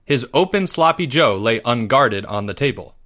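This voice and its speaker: A male podcast host reading a story aloud, steady and even in his delivery. His voice sits at a middling pitch, neither high nor low. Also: normal speed.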